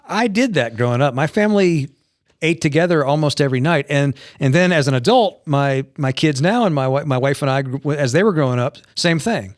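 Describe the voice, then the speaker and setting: High-voiced joking man co-host. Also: animated, fairly quick, no room sound. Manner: dry, joking. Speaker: radio co-host. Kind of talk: casual podcast chat.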